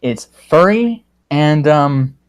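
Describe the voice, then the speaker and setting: A man's voice: a little high, lively intonation, slow. A man hosting a casual livestream, joking sarcastically and reading viewer comments aloud. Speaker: livestream host.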